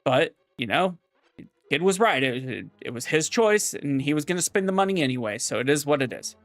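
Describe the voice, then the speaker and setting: A man's voice: fairly high pitch, animated, no room sound. Man, rambling joke telling, dry close sound, faint background music. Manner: casual, repetitive restarts, drawn-out storytelling. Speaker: gaming vlogger.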